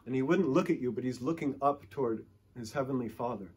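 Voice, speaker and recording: A man's voice: mid-range voice, fairly quick, a little mellow, breathy edge. A male pastor preaching a sermon, telling stories with emphatic, rising and falling delivery.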